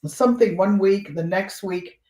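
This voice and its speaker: An older woman, a guest on a casual livestream, tells family stories with energy and slips into high voices for the people in them. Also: a little slow. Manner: animated storyteller, voices the people in her stories. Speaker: guest storyteller. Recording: roomy echo.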